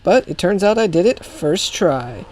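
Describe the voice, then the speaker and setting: A man's voice: high voice, very animated, unhurried, darkish tone, slight background noise. A man casually commenting on a video game he plays, making sarcastic jokes and reading text aloud. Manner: sarcastic, joking asides. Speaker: let's play host.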